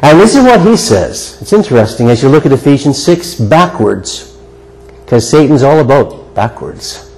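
A man's voice: medium pitch, very animated, normal speed, a little mellow, poor audio. An older man preaching a sermon to a congregation in an earnest, conversational way, with repeated rhetorical questions. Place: church sanctuary before a congregation.

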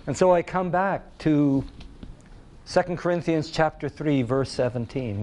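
Slow, deliberate male preacher. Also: a little high, darkish tone. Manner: deliberate, emphatic, repeats key phrases. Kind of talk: sermon.

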